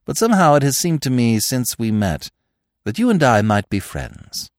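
A man voicing a suave, verbose young gentleman in a storybook reading, speaking in ornate, grave, mock-sincere sentences. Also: medium pitch, huge pitch swings, normal speed, dry recording, clean studio sound. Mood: mock-solemn.

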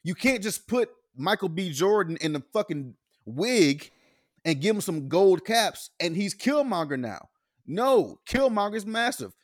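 A fairly high-pitched man co-hosting a podcast, talking with a lively, swinging delivery. He is blunt and profane in easy casual chat, with a dry, close sound. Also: unhurried, dry recording. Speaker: podcast co-host.

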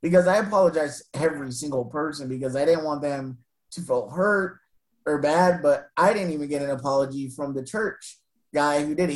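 A man's voice: fairly high pitch, poor audio. Earnest man telling a painful story. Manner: earnest, halting, with frequent restarts and soft laughs; retells exchanges by voicing both sides. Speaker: interviewee telling a personal story. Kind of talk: emotional first-person storytelling.

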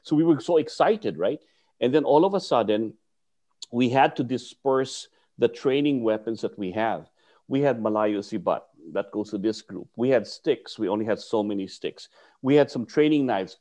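A man, a martial arts teacher, telling a story in conversation and acting out the voices of people he quotes. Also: normal speed. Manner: lively, acts out quotes with swings in pitch and volume.

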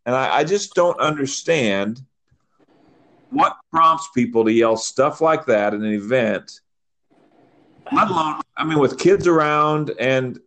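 A man co-hosting a podcast, animated as he tells referee stories and mimics yelling fans. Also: mid-range voice, unhurried. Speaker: podcast co-host, soccer referee. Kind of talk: casual chat.

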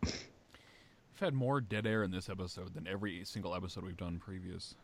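A man hosting a podcast in casual chat, animated and swearing, with big swings in pitch. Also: normal speed, no echo. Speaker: podcast host.

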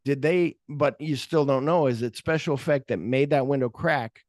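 Male podcast host, mid-pitched, loose and rambling, retells scenes with quoted lines; dry, close sound. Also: normal speed, darkish tone, no echo. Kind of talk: casual movie discussion.

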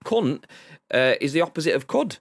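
A man's voice: a little high, very animated, moderate pace, vocal fry, dry recording. A man co-hosting a casual live-streamed podcast, rambling, swearing freely and reading chat messages aloud. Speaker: podcast co-host.

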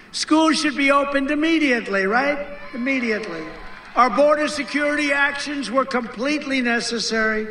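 A man's voice: sits high, gravelly, bright, forceful tone, roomy sound, slight background noise. A man giving a rally speech, emphatic and repetitive, mocking the people he quotes.

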